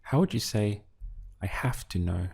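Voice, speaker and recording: Male teacher, slow and gravelly, steady drill-and-answer delivery. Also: fairly low pitch. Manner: prompts a phrase then answers it slowly, word by word. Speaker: language teacher. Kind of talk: slow drill-style language lesson.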